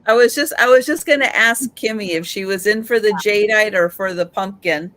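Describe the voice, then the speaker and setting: A woman's voice: medium pitch, brisk, a bit bright, dry recording. A woman co-hosting a live sale, chatty and guiding the others through items. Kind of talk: casual live sale chat.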